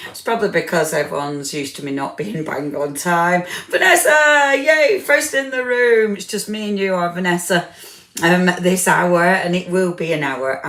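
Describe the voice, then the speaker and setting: Tired, chatty woman greeting viewers. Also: on the low side. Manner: chatty, warm greetings, many fillers, self-deprecating. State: tired, full after dinner. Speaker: livestream craft host. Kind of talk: casual live-stream chat greeting viewers. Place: home craft room. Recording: echoey room.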